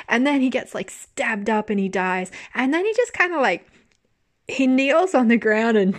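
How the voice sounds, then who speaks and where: A young woman hosting a podcast, chatting casually and animatedly about a drama, laughing often and swearing now and then. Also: medium pitch. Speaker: podcast host. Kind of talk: casual drama review monologue.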